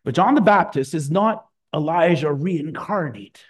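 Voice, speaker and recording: A man preaching a sermon, emphatic and lively, with casual asides to his congregation. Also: a little high, measured pace, slightly rough. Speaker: pastor.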